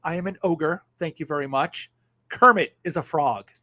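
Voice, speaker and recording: A man in his fifties hosting a casual livestream, reading viewer comments in a sardonic, animated way that swings from muttering to loud outbursts and swears freely. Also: on the high side, moderate pace. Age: 50s. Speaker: livestream host.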